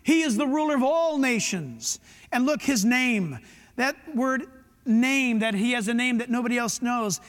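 A middle-aged man preaching a sermon as pastor, emphatic, with quick asides to the congregation. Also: very high voice. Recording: long hall reverb.

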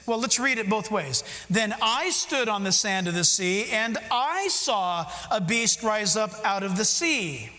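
A man's voice: high-pitched, sharp tone, long reverb tail. A male pastor preaching an emphatic sermon, putting direct questions to his congregation.

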